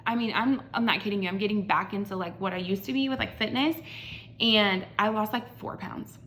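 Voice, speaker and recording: A woman's voice: medium pitch, bright, forceful tone, a little hiss or hum. A woman in her thirties telling her own story in a personal vlog, candid and rambling, with many fillers and restarts. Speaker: vlogger.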